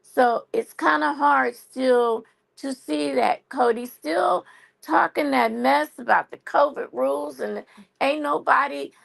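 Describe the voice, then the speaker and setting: Chatty creaky-voiced woman streamer. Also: high-pitched, slow. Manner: chatty, keeps saying y'all and okay. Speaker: live stream host. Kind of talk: casual chat about a TV show. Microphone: phone.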